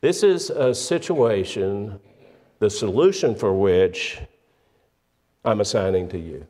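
A man preaching a sermon, measured and emphatic, often pausing on fillers and restarting his phrases. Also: on the low side, very animated, mellow. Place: church sanctuary. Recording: long church reverb.

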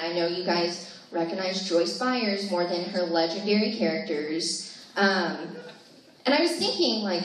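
A woman's voice: fairly low pitch, fairly bright tone. Young woman doing stand-up, chatty and self-deprecating, super echoey room, mic kinda far. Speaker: stand-up comedian. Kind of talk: stand-up comedy set. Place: live comedy show in a room. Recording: echoey room, distant mic, faint noise.

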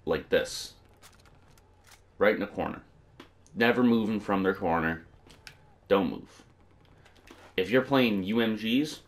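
A young man with a cold and a congested nose, giving casual, rambling gameplay commentary with frequent swearing. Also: low voice. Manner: profane, irritated, rambling. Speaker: gaming video creator.

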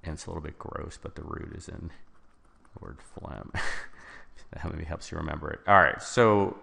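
A man's voice: rumbling low, normal speed, gravelly, sharp tone, breathy edge, in a large hall. A man explaining vocabulary answers as a test-prep tutor, informal and thinking aloud with small restarts.

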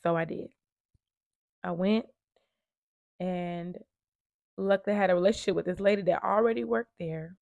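A woman in her thirties tells her personal story straight to camera, earnest and conversational. Her voice sits low and carries a gravelly fry, and the recording is close and dry with no room sound. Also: fairly even intonation, normal speed, long pauses, dry recording, phone-quality sound. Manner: earnest, conversational, shifting from hushed to emphatic. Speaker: vlogger telling her survival story.

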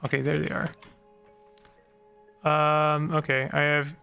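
A man's voice: fairly high pitch, monotone, slow pace, gravelly, bright, forceful tone, clear, resonant tone, soft background music. A man hosting a let's play, giving casual game commentary in a rambling way and stumbling over odd names.

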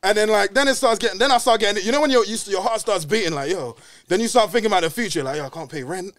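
A young man telling a story in a casual podcast chat, animated and slangy, acting out dialogue. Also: sits high, racing, no echo, clean studio sound. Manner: animated, slangy, says "bruv" constantly, acts out dialogue. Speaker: podcast guest.

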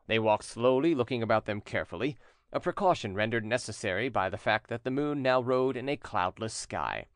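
A man reading an audiobook in scripted narration, measured and expressive. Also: medium pitch, no room sound, studio quality.

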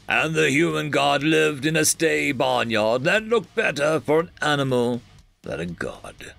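A man's voice: mid-range voice, gravelly, a bit bright, dry recording. A man reading science fiction stories aloud as the channel's narrator. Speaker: story narrator. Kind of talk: scripted storytelling.

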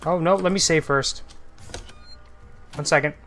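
A man streaming a horror game, giving loose, profane commentary with sudden shouted outbursts. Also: fairly high pitch, measured pace, soft background music. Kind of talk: live gameplay commentary.

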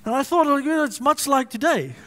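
A man's voice: extremely high pitch, lively intonation, fast, a bit bright. A male pastor preaching a sermon, emphatic and fond of repetition and alliteration.

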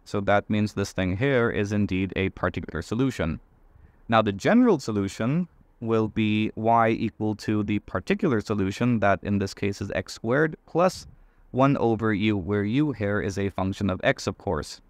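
A man's voice: lowish voice, expressive, normal speed, no echo. A man hosting a math channel, chatting with self-deprecating humor and then working through an equation step by step. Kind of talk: explaining math on a whiteboard.

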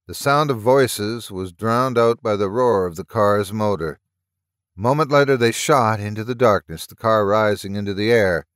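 A man reads a story aloud at a steady, measured pace. His voice sits low, and the close-miked recording is dry. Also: no echo. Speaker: horror story narrator. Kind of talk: audiobook reading of a story.

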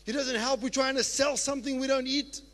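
A man preaching a sermon as pastor, moving from steady scripture reading to whoops and laughter. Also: very high-pitched, fairly quick. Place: church sanctuary. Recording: long church-hall reverb.

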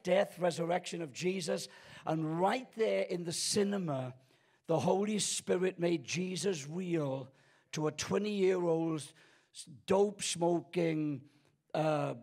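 Older guy preaching in a church, high husky voice, cracks jokes at himself while telling stories. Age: 60s. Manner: storytelling with humor and self-deprecating jokes. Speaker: guest pastor. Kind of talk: sermon. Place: church auditorium.

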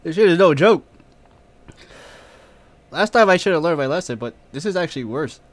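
A man's voice: a little high, lively intonation, moderate pace. A man on a live stream, coughing, sniffling and drooling as he talks casually, cursing freely and wincing in pain.

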